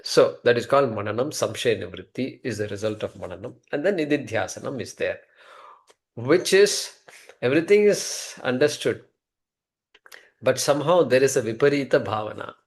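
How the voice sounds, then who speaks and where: A man's voice: medium pitch, animated, moderate pace. Man teaching a scripture class. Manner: conversational, repeats key terms, chuckles at own jokes. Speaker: Vedanta teacher.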